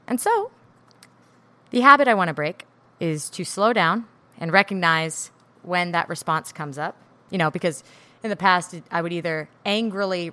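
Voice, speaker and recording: Candid woman podcaster, bright voice. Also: fairly low pitch. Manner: candid, introspective, working through feelings aloud. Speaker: podcast host. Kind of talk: solo podcast monologue.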